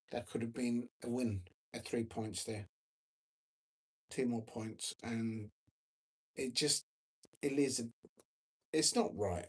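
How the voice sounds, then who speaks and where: Husky man, rambling stream chat. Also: mid-range voice. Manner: rambling and chatty, reads out viewer comments, many fillers. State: tired. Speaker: livestream football watch-along host. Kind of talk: casual live-stream chat.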